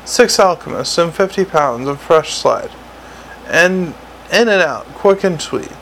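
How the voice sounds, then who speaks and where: A hulking, stolid troll sergeant, voiced by a man reading a story aloud speaks plainly and proudly. The voice has a gravelly rasp. A faint hiss sits under the reading. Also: on the high side, expressive, measured pace, a bit bright, poor audio. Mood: pleased, blunt. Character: large male troll sergeant, slow and stolid.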